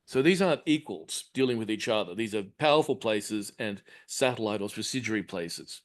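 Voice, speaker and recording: A man giving an academic lecture in a measured, articulate, explanatory way, in a lecture room. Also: lowish voice, expressive. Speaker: university lecturer.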